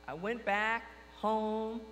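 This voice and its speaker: A woman telling a lively anecdote, acting out the dialogue with frequent quotes. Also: a little high, very slow. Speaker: storyteller recounting her career. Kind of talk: anecdotal storytelling to an audience. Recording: long reverb hall with faint mains hum.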